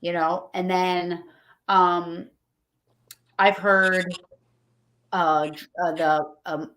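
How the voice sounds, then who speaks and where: A woman chatting casually on a livestream, telling stories excitedly and acting out what people said. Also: fairly low pitch, very slow. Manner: excited, rambling storyteller acting out quotes.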